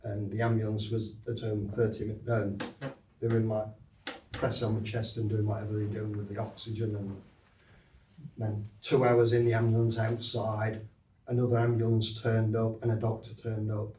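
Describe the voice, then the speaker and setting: A low-voiced man from the audience speaks in a halting, reflective way. He is picked up from a distance in an echoey space, with faint noise behind him. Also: little pitch movement. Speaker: audience member sharing a story.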